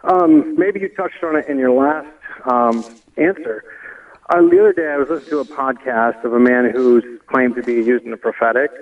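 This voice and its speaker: A man's voice: medium pitch, moderate pace. A man from Wisconsin calling into a radio show, asking his question hesitantly. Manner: hesitant, with fillers. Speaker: caller. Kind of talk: call-in question. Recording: distant tinny phone line.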